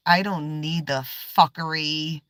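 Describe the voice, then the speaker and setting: Unhurried, swearing woman livestreamer. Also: low voice, a bit bright, dry recording. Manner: swears freely, trails off, drops to whispers. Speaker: tarot livestreamer. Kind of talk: casual live-stream chat.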